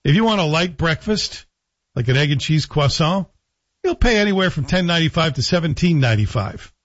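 A man's voice: a little high, animated, fairly quick, dry recording, lo-fi sound. A man giving a sardonic political commentary monologue, firing rhetorical questions at the listener. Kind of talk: opinionated monologue.

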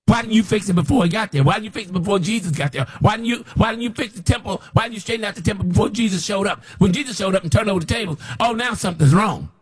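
A man's voice: high-pitched, rapid-fire, hardly any pauses, husky. A man preaching an unscripted, scolding sermon as a self-described prophet, repeating himself as he presses his point.

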